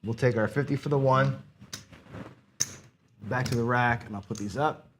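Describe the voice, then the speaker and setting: A man's voice: mid-range voice, moderate pace, background noise. A man casually narrating his own craps game, counting chips and muttering frustrated asides to himself. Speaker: craps channel host. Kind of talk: casual play-by-play while gambling.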